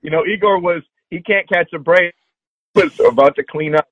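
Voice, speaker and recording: A man's voice: a little high, moderate pace, dry recording. Man on a tinny phone-like line. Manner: lively, laughs, muses aloud with fillers. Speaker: podcast co-host. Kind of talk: casual chat.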